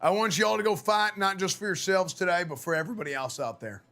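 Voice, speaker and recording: A hoarse man giving a loud, profane mock locker-room pep talk as coach on a live gaming stream. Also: high voice, quick pace. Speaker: streamer playing a football coach.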